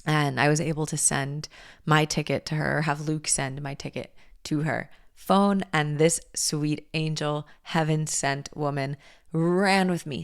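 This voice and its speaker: A young woman hosting a podcast, telling a personal story in a candid, animated way and swearing freely. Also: low voice, vocal fry, no echo, studio quality. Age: young adult. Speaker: podcast host. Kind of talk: casual storytelling monologue.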